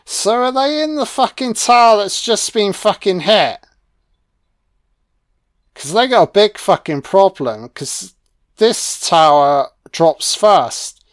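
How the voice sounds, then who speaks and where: A man's voice: sits high, animated, slow pace, no echo. Male film commentator: mocking, profane, with a dead-dry mic and no room. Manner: sarcastic, mocking, heavy swearing. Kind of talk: audio-only film commentary rant.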